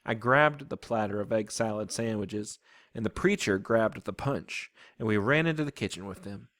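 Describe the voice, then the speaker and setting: A man reading a children's novel aloud in an expressive way. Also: on the low side, moderate pace. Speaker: storybook reader.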